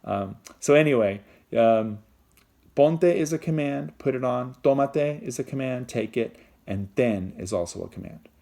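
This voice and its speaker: A man's voice: medium pitch, a little slow, vocal fry, mellow. A man teaching a Spanish grammar lesson in a casual, step-by-step way, full of fillers and check-ins, moving between English and Spanish. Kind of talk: recorded classroom lesson.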